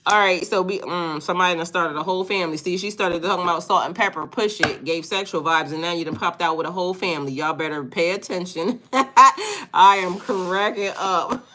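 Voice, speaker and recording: A woman with a somewhat low voice hosts a casual live-stream tarot reading. She talks in a loose, chatty way, laughs often and reads out viewer comments. Clear background noise and clicks run under her voice. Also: fast talker, few pauses, a bit bright. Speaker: tarot reader.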